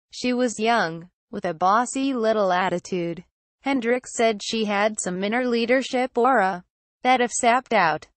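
A weakened, desperate young man held captive, as a woman reader puts him on. He pleads slowly in a plain, even voice, recorded dry and close. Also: mid-range voice, no echo, lightly acted. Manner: slow, pleading.

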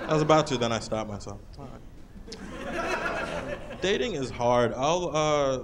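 A man performing a stand-up comedy set on a club stage, lively and jumping into shouted put-on voices. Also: medium pitch, normal speed, long pauses, a little hiss or hum. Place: comedy club stage under hot lights.

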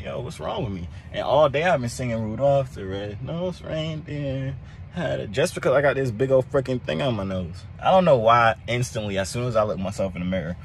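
Young male vlogger, relaxed rambling delivery, faint room noise. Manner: laid-back, rambling, talks to his cat in high coaxing tones. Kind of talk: casual vlog chat. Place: at home, then in a car.

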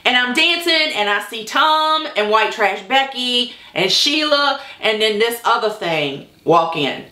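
A woman's voice: mid-range voice, sharp tone, roomy sound. A woman telling a personal story to the camera in a candid, blunt way, swearing freely. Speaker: vlogger. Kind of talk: casual storytelling.

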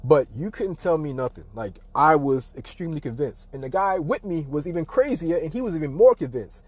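A man in his thirties with a husky, slightly raised voice, telling a casual story from his own life. He talks in an animated way and slips into the voices of the people in it. The sound is dry and close, with no room echo. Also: fairly high pitch, fairly quick. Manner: animated, acts out other people's lines. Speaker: host.

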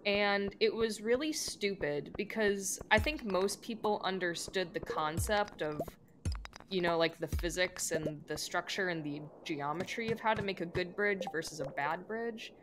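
A young woman streamer chatting casually with viewers while playing, rambling with lots of "like" and quick laughs. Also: lowish voice, noisy background. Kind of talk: casual gameplay chat with viewers.

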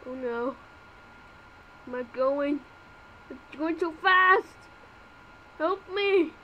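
Woman doing every voice in a fan cartoon, high and bright, unhurried lines broken by yelps. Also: dull audio, slight background noise. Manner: yelps and exclaims, frantic cartoon dialogue. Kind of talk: voicing a homemade fan cartoon.

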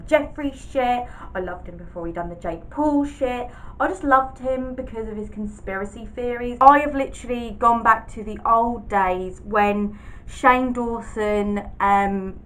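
A woman's voice: medium pitch, fairly bright tone, low-quality recording. A young woman chatting casually to camera as a vlogger, swearing often and poking fun at herself. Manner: chatty, sweary, self-mocking.

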